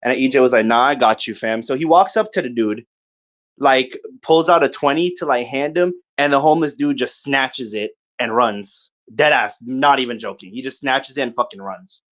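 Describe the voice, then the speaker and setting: A young man in casual podcast chat, telling a long party story in an animated, profane way and acting out his friends' lines in quick bursts. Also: mid-range voice.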